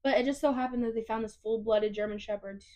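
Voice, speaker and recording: A young woman co-hosting a podcast, chatting casually, teasing and quick to laugh. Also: on the high side, steady tone, mellow. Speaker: podcast co-host. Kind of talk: casual chat.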